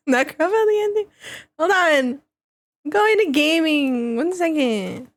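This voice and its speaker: Giggly high-pitched woman streamer. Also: slow. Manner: giggly, excitable, laughs often. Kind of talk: casual live-stream chat.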